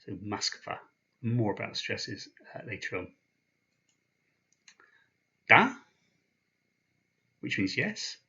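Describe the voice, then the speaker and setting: A man teaching a language lesson, patient and slow, pausing after each sound he spells out. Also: on the low side, very animated, pushed and bright, highs cut off. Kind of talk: explaining slowly, with pauses.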